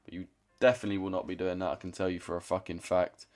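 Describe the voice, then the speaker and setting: A man's voice: low-pitched, little pitch movement, fast talker, darkish tone. A man in his twenties with a London accent, chatting casually on a trading livestream, blunt and slangy, swearing freely as he answers chat. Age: 20s. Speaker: trading streamer.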